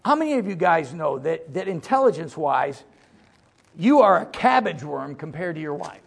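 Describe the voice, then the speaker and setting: Gravelly high-voiced preacher man. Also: big pitch swings, moderate pace. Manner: folksy, joking, swings from loud to low asides. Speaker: pastor. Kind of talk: sermon.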